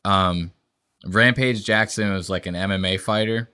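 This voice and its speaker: A man's voice: sits low, unhurried, clean tone. A young man co-hosting a podcast, rambling and profane in casual chat. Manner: profane, rambling storytelling with animated impressions. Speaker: podcast co-host.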